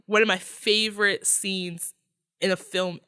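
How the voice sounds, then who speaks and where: A woman's voice: mid-range voice, fairly even intonation, unhurried, pushed and bright, clear, resonant tone, dry recording, studio quality. A woman guest on a movie podcast, animatedly retelling film scenes in casual chat and swearing freely.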